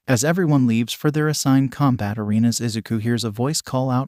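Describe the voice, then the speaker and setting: A man's voice: medium pitch, a little fast, few pauses, dry recording. Man narrating a fan story, dry sound. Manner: steady, plain reading. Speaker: fan fiction reader.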